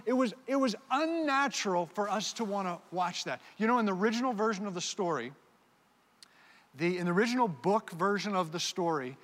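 A pastor with a high-sitting, slightly bright voice preaches a sermon, animatedly directing volunteers on stage in an audience-participation skit. The recording carries a long hall reverb.

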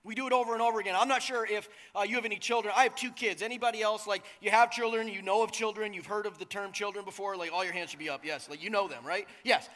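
A pastor in his thirties preaches in a loose, joking, conversational way, often checking in with his listeners. His voice is very high and bright for a man. A long reverb from the hall trails his words. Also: steady tone, quick pace, hardly any pauses. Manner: casual, joking, conversational, asks the crowd "right?". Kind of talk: sermon.

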